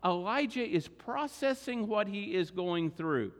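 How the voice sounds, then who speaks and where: Male pastor with a high voice, preaching expressively in a church sanctuary. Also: unhurried. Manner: expressive, acts out voices of scripture figures. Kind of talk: sermon. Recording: long reverb of a large hall.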